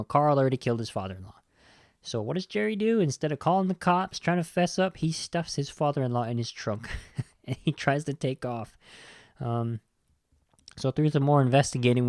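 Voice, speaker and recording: Podcast host man, mid-pitch, retelling movie scenes loosely, lots of likes, dry close sound. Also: no echo. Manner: rambling, loose, full of "like" and "you know". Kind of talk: casual movie recap.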